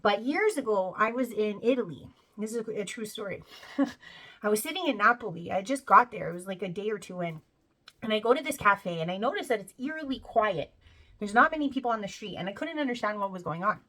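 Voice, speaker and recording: A woman speaks casually to the people who follow her videos. She keeps checking in with them as she talks, and her manner is loose, chatty and friendly. Her voice sits at a middle pitch for a woman. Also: lively intonation, fairly quick, pushed and bright. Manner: chatty, peppered with "you know" and "right?"; laughs while telling the story. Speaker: spiritual video creator. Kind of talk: casual monologue to camera.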